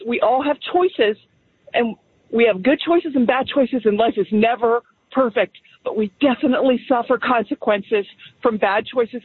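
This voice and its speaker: A woman's voice: a little high, slightly rough, no echo. A woman calling in to a radio show, speaking firmly and from the heart. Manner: firm, heartfelt testimony. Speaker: caller. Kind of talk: call-in radio talk. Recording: tinny phone line.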